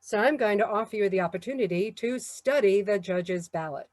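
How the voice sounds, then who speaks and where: A woman with a New York accent giving a measured, encouraging talk on public speaking. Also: medium pitch, a little mellow, no echo. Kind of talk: instructional talk.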